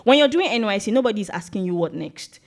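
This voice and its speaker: A young Nigerian woman with a Nigerian accent, a podcast guest telling stories in casual chat, animated and laughing often. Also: mid-range voice, fast. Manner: animated storytelling with frequent laughs.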